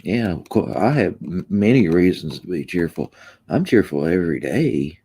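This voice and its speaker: Deep, mellow male livestream host, easygoing drawl with lots of ums. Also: sing-song, moderate pace, slightly rough. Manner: laid-back, drawling, trailing off with ums. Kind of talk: casual livestream chat reading comments.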